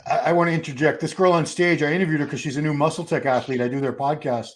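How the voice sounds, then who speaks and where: A man's voice: a little high, steady tone, fast talker, a crowd in the background. Wry, conversational man hosting a stream. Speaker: host of a bodybuilding channel. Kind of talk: casual live-stream chat.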